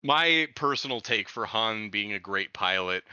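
A man's voice: on the low side, lively intonation, unhurried, sharp tone, clear, resonant tone, no room sound. A man in a casual film discussion podcast. He is enthusiastic and often laughs between his points. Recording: dull lo-fi sound.

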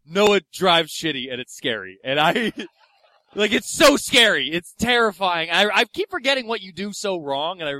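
A young male stand-up comedian from Philadelphia, telling a story with animated, profane energy. His voice sits high and swings widely in pitch. The sound is dry and close. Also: no room sound.

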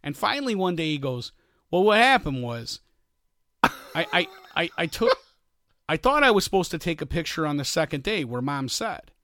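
Animated man telling a story, dry close mic. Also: moderate pace, no echo. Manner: animated, acts out quotes with rising pitch. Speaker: podcast co-host. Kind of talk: casual storytelling chat.

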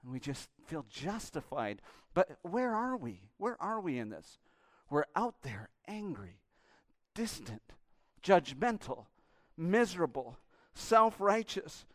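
A male pastor preaching a sermon with passion, swinging between hushed and loud passages. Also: fairly high pitch, sing-song, slow, no echo, clean studio sound.

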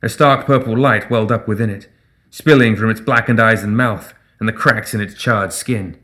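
A man reading a fantasy story aloud as narrator in a measured, even way. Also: on the low side. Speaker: audiobook narrator. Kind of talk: scripted narration.

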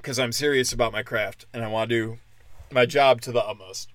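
A man doing crude stand-up, brash and profane, slipping into mocking high-pitched impressions and sounding a little tipsy. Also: fairly even intonation, fairly quick, fairly bright tone. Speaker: stand-up comic.

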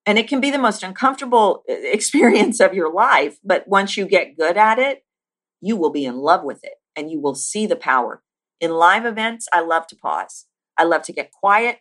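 Low-voiced woman voice coach, emphatic. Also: fairly bright tone. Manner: emphatic, builds lists with rising force; deliberate pauses, slows for key points. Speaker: voice and speaking coach. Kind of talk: teaching monologue.

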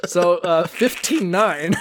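A man in casual podcast chat, animated and laughing often, with frequent swearing. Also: high-pitched, slow pace.

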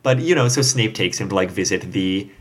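A man's voice: sits low, brisk. A man in a casual group chat who recaps a story's plot with dry, wry asides. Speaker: podcast co-host discussing fan fiction.

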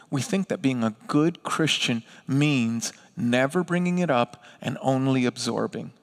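Man preaching a lively sermon. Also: high voice, in a large hall. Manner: animated, conversational preaching with acted-out asides. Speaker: pastor.

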